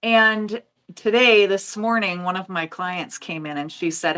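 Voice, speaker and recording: Guest: woman, 40s, from the US, casual storyteller, average pitch, emotional. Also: a little slow, sharp tone. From United States. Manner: emotional, storytelling with quoted voices. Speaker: guest nail educator. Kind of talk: casual chat.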